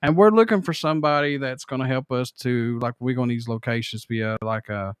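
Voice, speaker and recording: A man's voice: medium pitch, a little fast, clean tone, no echo, studio quality. Folksy rambling podcast host, a man. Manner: rambling, folksy, plain-spoken. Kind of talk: casual chat.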